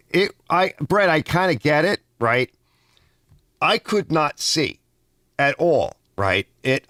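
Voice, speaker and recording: A man talking casually in his home garage, reading out viewer comments and wandering into long personal stories. His pitch rises and falls a lot, and the sound stays close and dry. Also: a bit bright, dry recording. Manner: rambling, personal storytelling full of restarts. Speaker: host of a garage channel.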